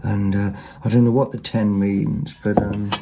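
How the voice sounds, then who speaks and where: A man's voice: lowish voice, level tone, moderate pace, dark tone. A man giving a rambling, casual show-and-tell of second-hand finds at home, with lots of ums and asides. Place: home, at a table.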